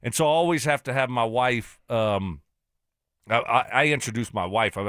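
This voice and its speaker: A man's voice: mid-range voice, moderate pace, a bit bright, clean tone, no echo, clean studio sound. A man co-hosting a casual sports talk radio show, easygoing and rambling as he tells stories. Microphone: studio broadcast mic.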